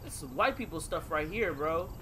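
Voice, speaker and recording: A man's voice: a little high, expressive, moderate pace, very noisy. Jumpy man in horror game commentary. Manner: jumpy, yelps and swears at scares, talks to viewers. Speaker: gaming video creator.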